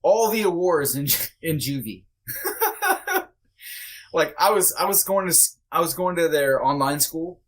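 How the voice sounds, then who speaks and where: A man's voice: fairly high pitch, lively intonation, a little slow, long pauses. A man guest on a podcast, candidly telling a personal story in a loose, conversational way, blunt and sometimes swearing. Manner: loose and conversational, with many fillers.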